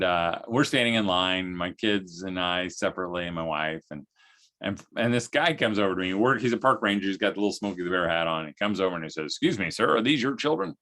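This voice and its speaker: A man's voice: low voice, pushed and bright. A man giving a folksy, humorous storytelling talk to parents, full of vocal sound effects. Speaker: speaker at a homeschooling event.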